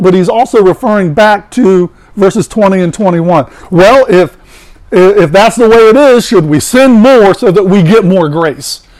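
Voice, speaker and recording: High-voiced pastor preaching with emphatic asides. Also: male voice, darkish tone, low-quality recording. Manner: conversational and emphatic, with asides and humor. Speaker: Baptist pastor. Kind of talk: sermon.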